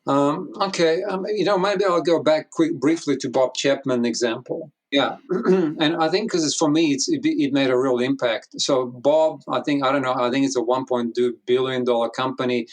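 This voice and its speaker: A man's voice: mid-range voice, normal speed. A man speaking as an interview guest, telling a story with a lot of restarts and acting out the dialogue. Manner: animated storytelling, acts out quoted dialogue, frequent restarts. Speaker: guest, business consultant. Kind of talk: conversational interview.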